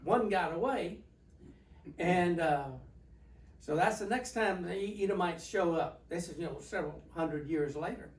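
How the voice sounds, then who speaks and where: A man's voice: sits high, normal speed. Man, pastor teaching Bible study, folksy storyteller, roomy echo, heard from a distance. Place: church sanctuary. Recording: echoey room, mic at a distance.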